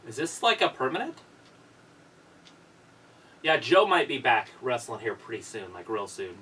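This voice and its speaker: Husky bright man reacting on a stream. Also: medium pitch, very animated, unhurried. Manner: chatty, reacts to the action and greets viewers. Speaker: live stream co-host. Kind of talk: casual watch-along chat. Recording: distant mic.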